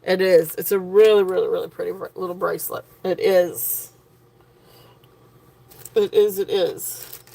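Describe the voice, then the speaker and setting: A woman hosts a casual livestream jewelry sale in a low, gravelly, dark voice that stays steady, runs a little slow, and includes long pauses. She heaps praise on each piece, repeating it with many ums and restarts.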